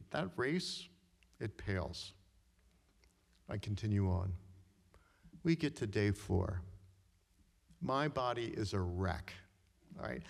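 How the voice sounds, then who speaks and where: A middle-aged man telling a personal story live on stage, talking conversationally and often tagging his sentences with "right?" and clearing his throat. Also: mid-range voice. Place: stage in a hall before an audience. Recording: long reverb of a hall.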